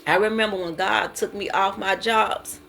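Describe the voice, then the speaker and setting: A woman's voice: mid-range voice, steady tone, moderate pace, creaky, fairly bright tone. A woman giving an informal devotional talk, earnest and repetitive, testifying and urging listeners to stop stressing. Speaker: devotional speaker. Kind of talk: informal preaching.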